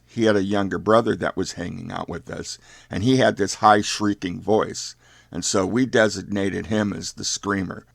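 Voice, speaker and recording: An older man telling a youth story in a folksy, unhurried fireside manner. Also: fairly low pitch, gravelly, dry recording, clean studio sound.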